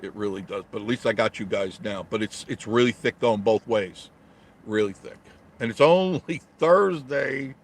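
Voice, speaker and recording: A middle-aged man from New York, a travel vlogger, reads his live chat and answers viewer comments bluntly and jokingly while sitting inside his car in traffic, in a casual live stream from a parked car. His voice is fairly low and his pace moderate.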